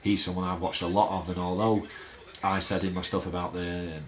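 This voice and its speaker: Deep-voiced chatty man rambling about football. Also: flat delivery, a little fast. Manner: rambling, chatty, with many fillers and restarts. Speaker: fan channel host. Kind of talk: casual fan vlog chat.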